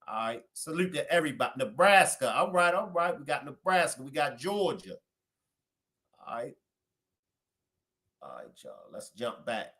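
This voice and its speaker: A man with a Baltimore accent, hosting a live stream and giving casual shout-outs to viewers. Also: medium pitch, very animated, moderate pace, long pauses. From Baltimore, USA. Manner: chatty, greeting viewers by place.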